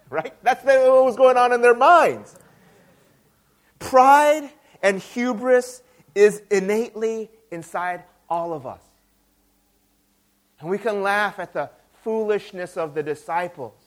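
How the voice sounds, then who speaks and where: A man's voice: high-pitched, animated, slow, pauses often. A man preaching a sermon in a conversational way, often adding tag questions and repeating words as he restarts. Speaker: pastor.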